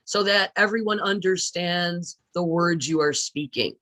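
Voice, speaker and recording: A woman lecturing on public speaking at a middling pitch. She speaks deliberately, leaning on each word and pausing to ask her listeners questions. The sound is dry and close, with no room echo. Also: a bit bright. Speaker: speech teacher. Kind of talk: recorded classroom lecture.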